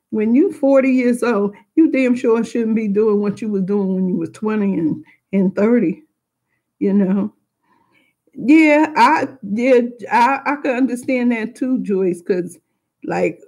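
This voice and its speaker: A woman's voice: a little high, a little mellow. Middle-aged woman, candid storytelling, rambling, self-interrupting, frank. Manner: rambling, with frequent restarts and asides; frank and emotional.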